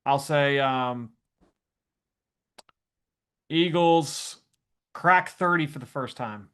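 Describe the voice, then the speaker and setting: A man's voice: on the high side, extremely slow, a bit bright, clean tone. A man co-hosting a sports podcast, laid-back with short, easygoing replies. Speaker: podcast co-host. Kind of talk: casual sports podcast chat.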